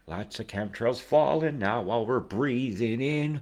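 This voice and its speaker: A man in his forties giving rambling weather commentary over maps, who swears freely and swings from mumbling asides to loud outbursts. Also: medium pitch, unhurried, hardly any pauses. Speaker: weather video host.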